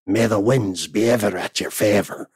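A man's voice: lowish voice, moderate pace, a little mellow, breathy edge, no echo. A man hosting a podcast, reading listener letters aloud and chatting casually, often laughing.

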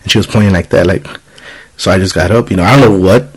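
Lowish-voiced guy telling a story on a podcast, swears a lot, acts out what people said. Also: fast, husky, rough recording. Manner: profane, animated storytelling with voiced quotes. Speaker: podcast host. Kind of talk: casual storytelling chat.

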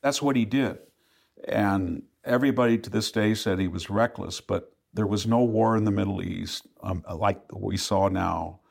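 A man's voice: fairly low pitch, moderate pace, creaky, slightly rough. An older man, a historian guest in a podcast interview, arguing emphatically and fluently and acting out quoted asides.

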